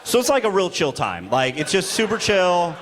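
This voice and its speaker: A man doing a stand-up comedy set, telling a story with animated delivery, laughing through his lines and acting out voices. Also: high voice, moderate pace, slight background noise.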